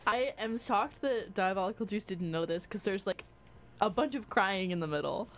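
A woman's voice: mid-range voice, lively intonation, moderate pace. A young woman co-hosting a college radio show, chatty and enthusiastic, laughing easily. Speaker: radio co-host. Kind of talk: casual radio chat.

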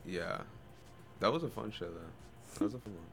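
A man's voice: sits low, normal speed, creaky, fairly bright tone. A young man, a trainee at a college radio station, chatting in a laid-back, easygoing way. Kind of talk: casual radio chat.

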